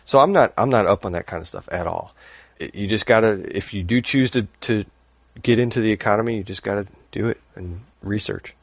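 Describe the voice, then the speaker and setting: Low-voiced man chatting casually on a podcast. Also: brisk, creaky, dry recording. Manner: rambling, laughs often, reads listener email. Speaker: podcast host.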